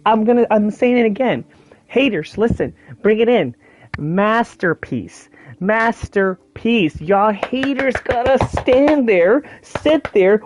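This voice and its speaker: Excitable woman ranting about games. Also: mid-range voice, lo-fi sound. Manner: excitable, profane, rambling with restarts. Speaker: gaming vlogger. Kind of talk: casual rant to camera.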